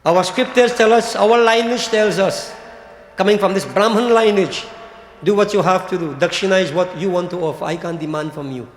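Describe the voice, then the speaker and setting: A man's voice: sits high, normal speed, a little hiss or hum. An older man giving a religious discourse, addressing his listeners as devotees and tossing in rhetorical "hmm?" asides. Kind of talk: sermon. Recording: echoey hall with long reverb.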